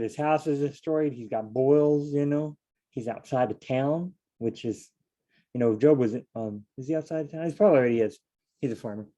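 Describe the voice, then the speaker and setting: A man talks his way through a Bible passage in a relaxed, conversational tone. His voice is mellow and dark. He reads a verse aloud, then unpacks it with asides and playful quotes. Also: medium pitch. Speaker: Bible study teacher. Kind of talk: casual Bible study talk.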